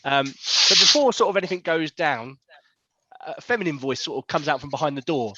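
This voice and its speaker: A man's voice: on the high side, animated, brisk, heavy background noise. A man, narrating a tabletop game as game master in a loose, rambling way with many fillers. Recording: dull, lo-fi sound.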